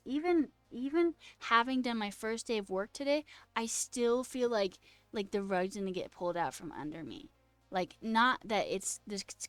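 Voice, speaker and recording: A woman's voice: mid-range voice, clean tone, no echo. A woman streamer chatting casually and reading out viewer questions, candid and self-deprecating, swearing freely. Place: home streaming setup.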